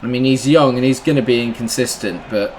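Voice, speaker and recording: A young man commentating live on his own football video game match, sarcastic and easily frustrated. He swings between low muttering and loud outbursts. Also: a little fast, a little hiss or hum. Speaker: gaming YouTuber.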